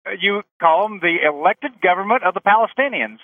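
A man's voice: sits high, animated, fairly quick, dry recording. A man calling in to a radio talk show, blunt and opinionated, heard over a phone line. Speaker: caller.

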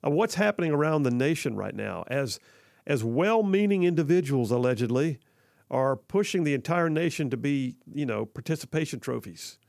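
A man's voice: fairly high pitch, lively intonation, moderate pace, gravelly, darkish tone, no echo. A man hosting conservative talk radio from a studio, upbeat and jokey, rambling with fillers. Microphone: studio mic.

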